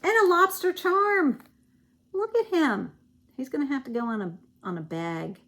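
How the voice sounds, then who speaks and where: A woman's voice: mid-range voice, a little hiss or hum. A woman with a Southern US accent chatting casually as she shows stitching goodies in a vlog, rambling with fillers and self-corrections. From Virginia, US. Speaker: cross-stitch vlogger. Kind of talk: casual show-and-tell chat.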